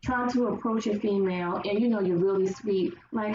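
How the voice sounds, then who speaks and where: A woman's voice: mid-range voice, fairly quick, hardly any pauses. Woman guest in an echoey, distant recording. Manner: animated storyteller who acts out quotes. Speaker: podcast guest. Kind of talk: casual conversation. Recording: echoey, distant, dull lo-fi, faint noise.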